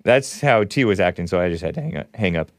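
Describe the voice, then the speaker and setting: A man's voice: sits low, expressive, fast talker, dry recording, clean studio sound. A man hosting a call-in radio show, talking bluntly and combatively, with scornful remarks and short dismissive laughs. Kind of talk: call-in talk radio monologue.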